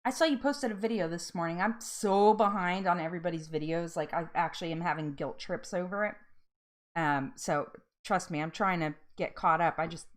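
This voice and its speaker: A woman's voice: on the low side, normal speed. A woman hosting a live-stream chat, bubbly and effusive, laughing often and getting emotional. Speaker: livestream host.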